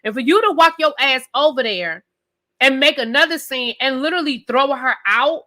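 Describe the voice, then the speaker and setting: Bright, fired-up woman ranting to camera. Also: high voice, normal speed. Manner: animated, profane, emphatic ranting; direct address to viewers. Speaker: TV show reviewer. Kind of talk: live rant and review.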